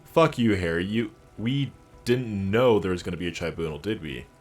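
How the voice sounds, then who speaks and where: A man's voice: low-pitched, animated, normal speed, a little mellow, soft background music. A man streaming a game, reading its dialogue aloud and joking in between. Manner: wry, joking, reads lines in character.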